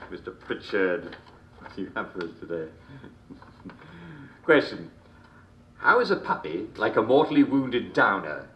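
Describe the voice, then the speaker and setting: An actor playing a jovial, sinister English comedy show host in a video game, theatrical and chuckling constantly between jokes. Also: male voice, fairly low pitch, very animated, slow pace, pauses often, fairly bright tone, highs cut off, slight background noise, exaggerated voice. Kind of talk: scripted video game character performance. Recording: roomy echo.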